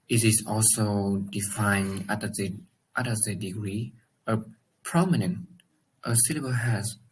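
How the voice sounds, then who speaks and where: A man giving a class presentation on word stress, speaking in a halting way with non-native phrasing. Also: lowish voice, slight background noise, rough recording. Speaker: student presenter.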